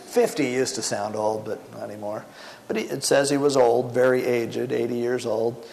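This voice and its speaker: A man's voice: medium pitch, fairly even intonation, moderate pace, gravelly, a little mellow. A middle-aged man, a pastor, preaching a casual sermon and retelling a Bible story in chatty, slangy everyday language. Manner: colloquial and chatty, slangy paraphrase. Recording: long hall reverb.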